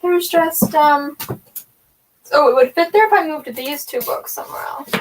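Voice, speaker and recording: A woman's voice: high voice, normal speed. A young woman hosting a casual livestream at home, thinking aloud as she sorts her shelves, rambling with lots of "like" and "um". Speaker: booktube host. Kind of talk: casual livestream chat while reorganizing shelves. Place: room at home with bookshelves. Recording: distant mic with faint background noise.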